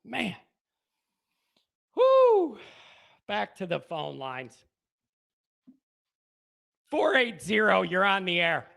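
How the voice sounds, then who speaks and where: A worked-up male sports radio host rants to his listeners, shouting in bursts and repeating himself. His voice sits very high and sounds bright and gravelly. He talks slowly. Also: very animated. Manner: ranting, shouting in bursts, repetitive. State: worked up, sweating. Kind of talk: fired-up call-in rant.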